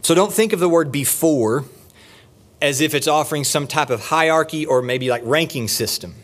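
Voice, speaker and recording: A man preaching a sermon from the pulpit of a church, rising on key points and dropping low and slow for stress. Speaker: pastor. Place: church sanctuary.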